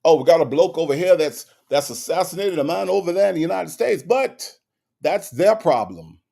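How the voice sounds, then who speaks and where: A man doing a mock British police officer in a deliberately bad, pompous put-on British accent. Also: a little high, expressive, creaky, mellow, pitched above the performer's own voice. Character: prim British police officer, male, adult.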